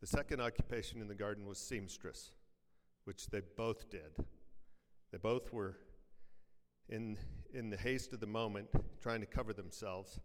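A pastor preaching a sermon to his congregation, firing off rhetorical questions and quick jokes, then dropping to a hush for weighty lines. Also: lowish voice. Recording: long reverb, from a large church hall.

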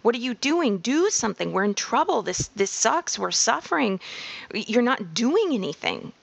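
A woman voicing a panicked inner voice that nags urgently and fast. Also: fairly high pitch, sing-song, vocal fry, breathy edge, no room sound, voice pushed up, heavily acted. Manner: urgent, rapid, raised. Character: panicked inner voice, frantic and nagging.

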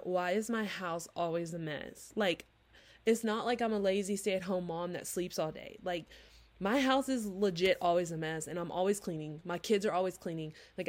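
A woman in her thirties preaching in a casual, chatty way, earnest and animated as she acts out little dialogues. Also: mid-range voice. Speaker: Christian podcast host. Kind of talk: informal preaching monologue.

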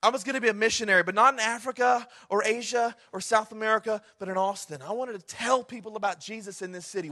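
Man, pastor, very high voice, bright and forceful, chatty sermon delivery. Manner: conversational, humorous, then impassioned.

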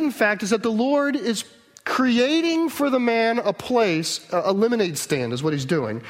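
A man with a fairly high voice preaching a sermon. He talks earnestly and with emphasis, often stopping to restart a thought or to put a rhetorical question to the listeners.

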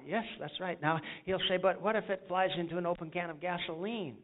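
A man from the United States preaching a sermon, pitched a bit high, calling out to the congregation and telling folksy stories. The sound is thin and phone-like, as if from a tinny line. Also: a little fast. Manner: call-and-response, folksy storytelling. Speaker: pastor.

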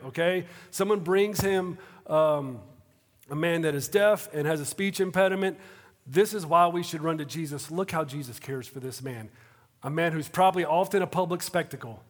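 Man preaching in an echoey auditorium. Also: on the high side. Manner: conversational preaching, swings between hushed and animated. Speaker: pastor. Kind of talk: sermon. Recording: reverberant auditorium.

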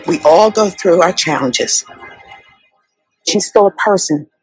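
A woman's voice: fairly low pitch, slow pace, slightly rough, no echo, low-quality recording. A woman in a documentary interview clip, speaking earnestly and pleadingly about family. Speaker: family member in a documentary trailer. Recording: dry trailer clip over music.

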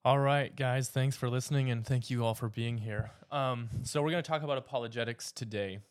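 A man's voice: medium pitch, fairly even intonation. A man with a Canadian accent leading a church discussion as its teacher, talking informally with frequent fillers and restarts. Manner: halting, with frequent fillers and repeated words.

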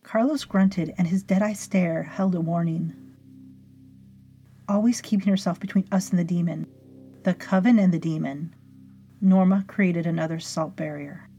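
A woman narrating a story in a measured, dryly amused way. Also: on the low side, warm tone. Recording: faint music behind.

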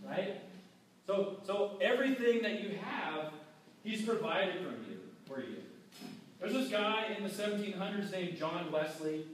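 A man preaching with a high voice, casual and animated, who slips into quoted voices as he talks. He sounds distant from the mic, in a hall with very heavy echo and a faint hiss behind. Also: normal speed. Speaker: pastor. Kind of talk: sermon. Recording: very echoey hall, mic far off.

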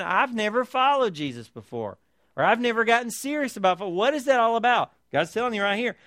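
A man's voice: high voice, a bit bright, no echo, studio quality. A man preaching a sermon as pastor, reading scripture aloud with emphasis and pressing points with rhetorical tag questions.

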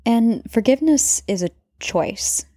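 A woman's voice: a little high, animated, measured pace, mellow, no room sound, studio quality. A woman hosting her own podcast as a nurse, talking through a faith lesson in an earnest, confessional way and laughing at herself now and then, recorded at home in her apartment. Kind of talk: casual faith-based monologue.

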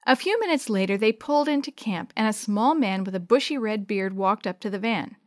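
A woman reads a children's chapter book aloud in a dry, close recording. She narrates plainly at a middle pitch and lifts her voice for the children's lines. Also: lively intonation, a little fast, few pauses, no room sound. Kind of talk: storybook reading with character voices.

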